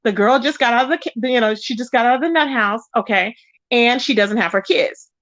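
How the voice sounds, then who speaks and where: A woman hosting a casual gossip livestream, chatty and animated, greeting viewers in the chat by name. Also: fairly quick, no echo. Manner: animated, pitch jumps up when excited. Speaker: live-stream gossip host. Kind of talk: casual live-stream chat. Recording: dull lo-fi sound, dry.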